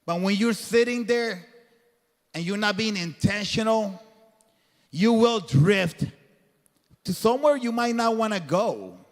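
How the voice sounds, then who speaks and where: A man whose voice sits high speaks animatedly at a measured pace, pausing often. As a guest speaker before a live crowd in an event hall, he gives an earnest, preacher-like motivational faith talk in colloquial language, with long hall reverb on the recording.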